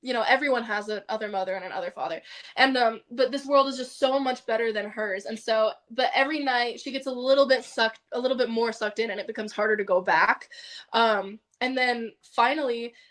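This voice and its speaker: A young woman telling a personal story as a podcast guest. She speaks in a chatty, rambling way, often using "like", and her voice sits fairly high. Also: fairly quick, a bit bright. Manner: chatty, fills speech with "like". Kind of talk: casual storytelling.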